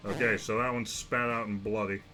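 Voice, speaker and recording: A man's voice: fairly low pitch, level tone, brisk, sharp tone, faint music behind. A young man streaming a game, reacting with wry asides as he plays. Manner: wry, talks to himself while reacting to the game. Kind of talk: let's-play commentary.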